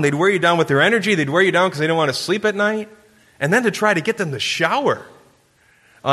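Male pastor, storytelling sermon, bright and forceful, big reverberant hall. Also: mid-range voice. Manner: storytelling with playful camper impressions.

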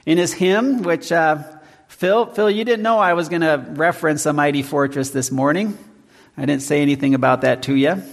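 A pastor preaching a sermon in measured tones, slowing down to read scripture and hymn verses. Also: male voice, on the high side, big-room sound.

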